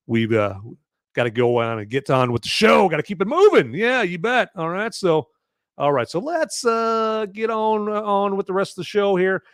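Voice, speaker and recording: A man's voice: a little high, clean tone, no echo, clean studio sound. A man from the United States hosting a live movie review podcast, rambling in casual chat with lots of fillers and restarts. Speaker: podcast host.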